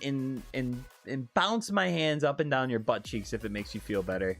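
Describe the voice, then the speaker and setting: A male streamer chats loosely with his viewers, tossing out swear words and giggles as he answers their questions. His voice leaps between high and low, with quiet music running under it. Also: normal speed, hardly any pauses. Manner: animated, giggly, profane. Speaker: live streamer. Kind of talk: casual chat, reading viewer questions.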